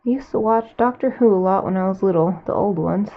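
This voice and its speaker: A woman painting on a live stream and thinking aloud in a casual, unhurried way, often trailing off mid-thought. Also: medium pitch. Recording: thin phone-like sound.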